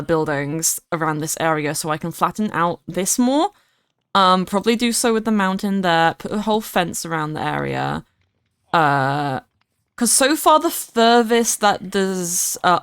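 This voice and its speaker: A woman's voice: on the low side, expressive, moderate pace, clear, resonant tone, no room sound, studio quality. A woman streaming herself playing a game, chatting and rambling casually as she greets viewers by name. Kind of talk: casual livestream gameplay chat.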